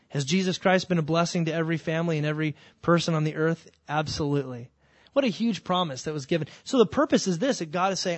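Animated preaching man, dry close sound. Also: a little high, dry recording. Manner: animated preaching, acting out quoted voices. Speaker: pastor. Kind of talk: sermon.

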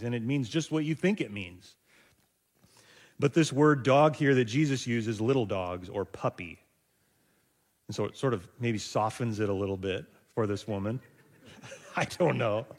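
A male pastor preaching a conversational sermon, thinking aloud with rhetorical asides to his listeners. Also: medium pitch.

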